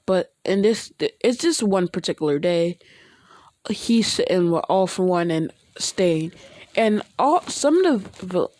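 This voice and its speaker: Slow-talking woman rambling through a story. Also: on the low side, a little mellow, no room sound. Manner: rambling, hesitant, many restarts. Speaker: fan storyteller. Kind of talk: casual fan-fiction retelling.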